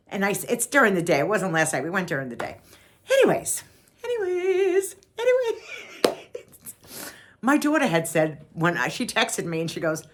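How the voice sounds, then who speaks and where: Chatty older woman with a New York accent. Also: fairly low pitch. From Long Island, New York. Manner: chatty, repeats herself, animated. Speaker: vlogger. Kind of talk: casual storytelling.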